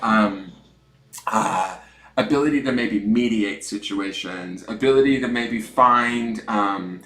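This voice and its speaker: A man hosting a casual tarot livestream from home, chatty and self-mocking, swinging between loud greetings and mumbled asides. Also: lowish voice, echoey room. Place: room at home with dogs snoring nearby.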